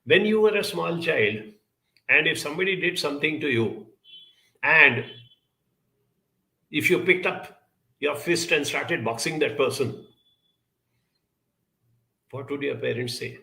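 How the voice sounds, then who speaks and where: Guy with a gravelly voice doing a self-help talk, slow storytelling, acts out the quotes. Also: fairly high pitch, rough recording. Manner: storytelling, quoting others in lively voices; unhurried, spoken as if to listeners. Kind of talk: reflective talk with personal story.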